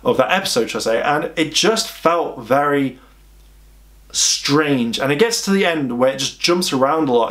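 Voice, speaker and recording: A man's voice: on the high side, lively intonation, moderate pace, a bit bright. A man giving a casual, chatty video review of an anime, rambling and exasperated with many restarts.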